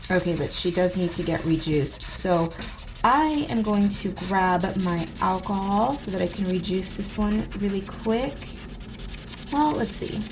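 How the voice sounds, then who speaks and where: A woman's voice: mid-range voice, expressive, a little slow, background noise. A young woman chatting playfully and theatrically to her viewers while she colors. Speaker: coloring channel host. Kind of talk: casual chatty coloring vlog.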